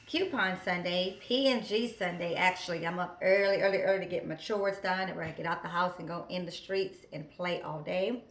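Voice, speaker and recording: A woman vlogging in a casual, chatty way, telling stories with fillers and asides. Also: fairly low pitch. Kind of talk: casual chat.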